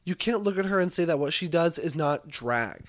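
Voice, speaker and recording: A young man co-hosting a podcast, chatting casually in an animated, joking way and swearing freely. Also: a little high, moderate pace. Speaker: podcast co-host. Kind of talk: casual chat.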